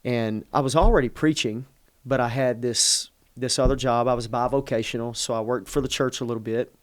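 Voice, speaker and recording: A man's voice: medium pitch, fairly even intonation, fairly quick, dry recording. Man, middle-aged pastor, earnest storytelling, dry close sound. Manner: earnest, emotional, self-interrupting. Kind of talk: conversational personal storytelling.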